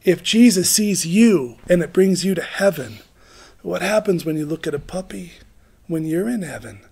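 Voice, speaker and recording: A man's voice: high-pitched, expressive, moderate pace, gravelly, darkish tone, husky. A middle-aged man giving an informal, rambling sermon, joking about himself and laughing often. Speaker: preacher.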